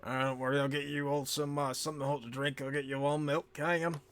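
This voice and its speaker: A man's voice: level tone, quick pace, slight background noise, natural voice. A man voicing a friendly character who greets returning travellers in a raised, cheerful voice. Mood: welcoming. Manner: high, loud and cheerful.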